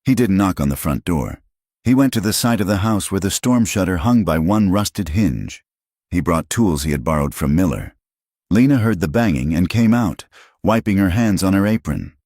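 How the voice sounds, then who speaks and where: A man with an extremely low, deep voice reads a frontier story as a scripted audiobook, steady and measured. The sound is dry and close, with no room echo at all.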